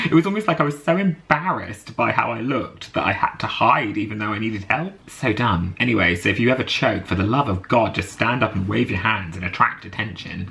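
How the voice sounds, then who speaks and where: A man's voice: lowish voice, creaky, bright, forceful tone. A British man telling a story to camera in a chatty, rambling vlog, laughing often and full of fillers. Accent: British English. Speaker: vlogger.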